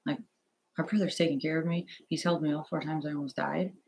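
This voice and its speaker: A man's voice: a little high, little pitch movement, gravelly, darkish tone, husky, poor audio. A young man in a personal vlog, talking in a nervous, hesitant, rambling way, full of fillers and restarts, recorded on an earphone headset at home. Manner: halting, rambling, filler-heavy. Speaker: vlogger.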